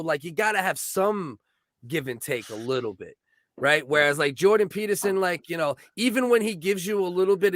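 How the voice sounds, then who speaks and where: A man's voice: fairly high pitch, a bit bright, no echo, clean studio sound. A married man co-hosting a comedy podcast, chatty and agreeable, often adding "you know what I mean" as he talks things through. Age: adult. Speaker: podcast co-host. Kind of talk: casual podcast chat.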